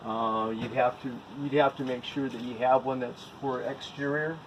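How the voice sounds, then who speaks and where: A male electrical inspector talks through a job step by step, in a mid-range voice of ordinary pitch. His manner is plain and methodical. Clear background noise runs under him throughout the recording. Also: steady tone, normal speed. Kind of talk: casual on-site inspection talk. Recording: noisy on-site recording.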